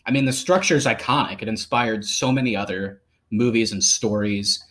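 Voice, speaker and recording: A man's voice: fairly low pitch, moderate pace, a bit bright. A man co-hosting a movie podcast, rambling casually with lots of fillers and laughter. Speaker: podcast co-host. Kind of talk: casual film discussion.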